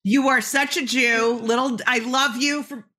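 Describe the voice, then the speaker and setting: A woman's voice: high voice, steady tone, measured pace. A woman in her forties hosting a casual interview, brash and joking, swearing freely, with a phlegmy throat. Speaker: podcast host.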